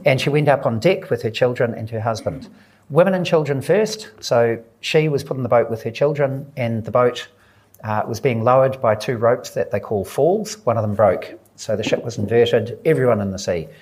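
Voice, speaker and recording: A man, an author telling a story at a live book event, earnest and unhurried, voicing the people he quotes. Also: medium pitch, a little mellow. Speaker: author guest at a book talk. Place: live audience event indoors.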